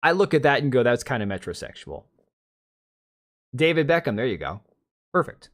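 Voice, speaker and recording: A man's voice: mid-range voice, very animated, moderate pace, fairly bright tone. A man in his thirties hosting a casual livestream, rambling bluntly and reacting to chat with restarts and asides. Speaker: livestream host.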